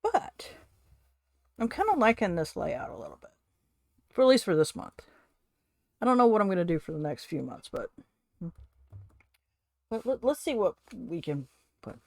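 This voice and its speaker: A woman chats casually at a home desk as a streamer. She thinks aloud and laughs often. Her voice sits at a middle pitch and sounds dry and close to the mic. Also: sing-song, moderate pace, creaky, pauses often, no room sound. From California, USA. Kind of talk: casual chat while journaling.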